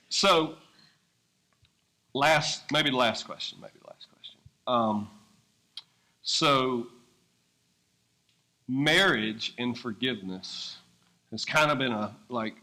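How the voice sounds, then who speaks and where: A male pastor talking from a church stage with a bright, forceful voice. He is excitable and quick to laugh. He swings between loud bursts and near-whispered asides. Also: mid-range voice. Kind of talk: sermon-style interview on stage. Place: church service.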